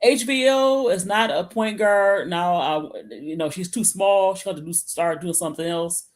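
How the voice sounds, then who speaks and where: A woman's voice: on the low side, normal speed. Woman talking hoops over a call, sits back from the mic, rambles and restarts a lot. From Michigan. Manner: rambling, restarts often, casual slang. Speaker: sports podcast co-host. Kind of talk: casual sports chat. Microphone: computer, away from the mic. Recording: remote call audio, from off-mic.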